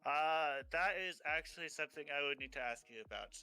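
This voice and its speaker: A man running a tabletop game who talks hesitantly and checks the details with careful questions. His voice is bright and smooth, slightly higher than most men's. The sound is dry and close. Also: a little fast, no room sound, faint music behind. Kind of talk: tabletop role-play, casual chat.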